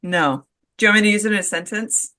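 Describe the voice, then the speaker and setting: A playful woman hosting a casual trivia chat among friends. She speaks at an ordinary middle pitch and keeps the game moving. She laughs readily between questions. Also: fast talker, sharp tone, no echo, clean studio sound. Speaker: host.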